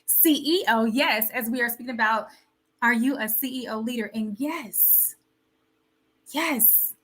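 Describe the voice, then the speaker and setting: Hosting a wellness talk show, this woman delivers a motivational live talk in a preachy style, leaning on rhetorical questions and phrases she keeps repeating. Her voice is a little high and a bit bright, and she talks a little slowly.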